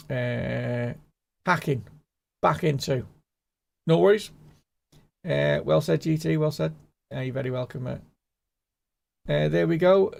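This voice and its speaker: A man's voice: mid-range voice, gravelly, darkish tone. A man hosting a casual live gaming stream, chatting and rambling with his viewers in a bantering way. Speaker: gaming livestream host.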